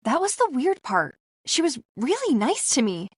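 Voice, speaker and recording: A woman's voice: high voice, huge pitch swings, normal speed, no room sound, studio quality, pitched above the performer's own voice. A woman voicing a shy, anxious young woman with a lifted, girlish tone, in a storybook reading. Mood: lively.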